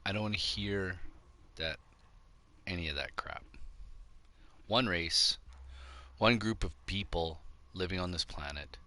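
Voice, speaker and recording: A man's voice: low voice, unhurried, long pauses, sharp tone. A middle-aged man hosting a show, delivering a blunt, combative opinion monologue. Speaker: show host.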